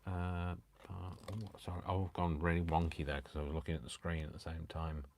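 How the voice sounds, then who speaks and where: A man with a low-pitched, slightly mellow voice speaks briskly with little pitch movement, and there's a little hiss or hum in the audio. Hosting a live crafting stream, he cuts paper while chatting casually and poking fun at himself, joking both to himself and to his viewers.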